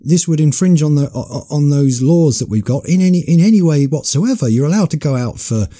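A man voices earnest indignation as a podcast co-host in casual chat. His tone is mellow and warm, with a slightly raised pitch that rises and falls expressively. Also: expressive, brisk. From Britain.

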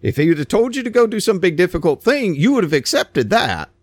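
A man preaching a sermon, retelling a scripture story in plain everyday words with animated storytelling. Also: high voice, a little fast, no room sound, studio quality.

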